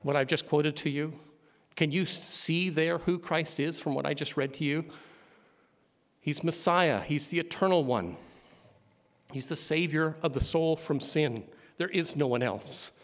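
A man preaching a sermon, building to loud emphatic climaxes. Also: a little high, a little slow. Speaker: pastor. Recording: long hall reverb.

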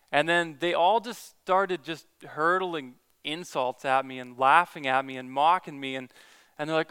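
A Christian evangelist earnestly tells a story in a casual talk, restarting his sentences often. His medium-pitched voice is a little slow, pushed and bright, with a clear, resonant tone.

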